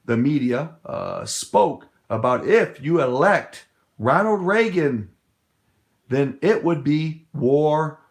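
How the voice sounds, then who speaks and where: A middle-aged man from the United States giving an impassioned political talk, telling a long story in a rambling, emphatic, hesitant way. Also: mid-range voice. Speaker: political speaker.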